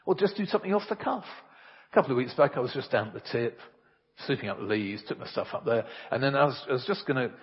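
A man preaching. His voice is very husky and his pitch swings widely as he presses his points. He sounds earnest and emphatic, and the sound is dull and lo-fi, with a long reverb trailing off each phrase. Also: expressive, fast talker. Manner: earnest and emphatic, tells homely anecdotes. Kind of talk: sermon.

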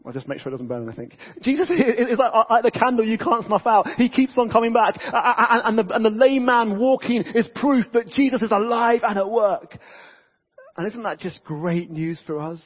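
A man preaching a casual, lively sermon to a church congregation, talking conversationally with frequent restarts. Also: sits high, a little fast, slightly rough. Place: church hall. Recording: dull reverberant church audio.

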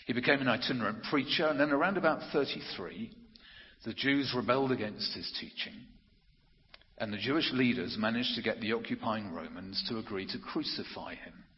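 A man preaching an earnest, emphatic sermon, slowing down to stress key phrases. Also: mid-range voice. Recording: muffled audio with long hall reverb.

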